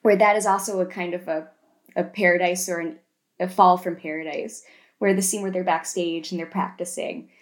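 A woman co-hosting a casual podcast, retelling film scenes in an animated way and tagging lots of questions. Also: fairly low pitch, normal speed. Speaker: podcast co-host.

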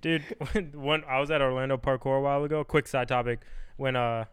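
A young man co-hosting a podcast, tossing in quick, joking, profane asides. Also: mid-range voice, steady tone, smooth. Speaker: podcast co-host. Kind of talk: casual reaction chat.

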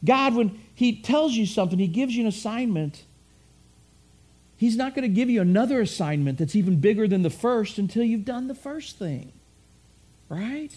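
A man's voice: high-pitched, lively intonation, moderate pace, darkish tone. Conversational preacher, man. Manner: conversational preaching with acted quotes and repetition. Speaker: pastor. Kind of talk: sermon.

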